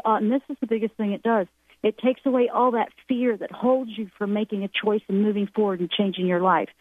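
A woman's voice: medium pitch, no echo. A woman speaks in an earnest, rambling way about the soul and fear. She comes through a thin, phone-like line. The sound is dry and close. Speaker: spiritual guest speaker. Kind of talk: radio call-in show talk.

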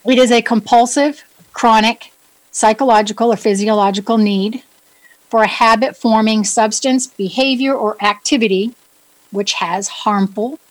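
Speaking at a normal speed in a steady, fairly high-pitched voice, this New England woman delivers a casual, cheerful solo wellness talk. She pokes fun at herself and asks her listeners questions, though the recording is poor.

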